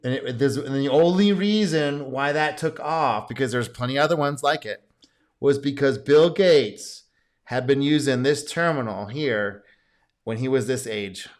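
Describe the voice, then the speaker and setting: A man's voice: mid-range voice, measured pace. A man hosting a programming course, chatting casually and laughing as he comments on archive interview clips. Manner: chatty, laughing asides, self-correcting.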